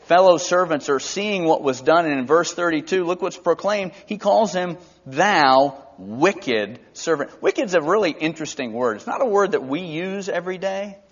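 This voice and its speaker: A man's voice: fairly high pitch, highs cut off. A man preaching an expository Bible teaching in a conversational way, briefly acting out the characters' lines.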